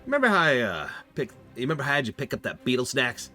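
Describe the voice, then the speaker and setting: A man voicing a brash, scheming male goblin in a gravelly put-on accent while streaming a game, with game music behind him. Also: mid-range voice, wildly swooping pitch, rapid-fire, bright, forceful tone, voice pushed up. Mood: cocky.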